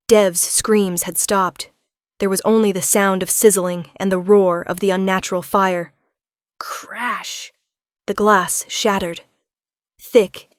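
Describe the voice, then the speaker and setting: A woman's voice: medium pitch, dry recording, studio quality. A woman giving dramatic first-person audiobook narration of a tense thriller.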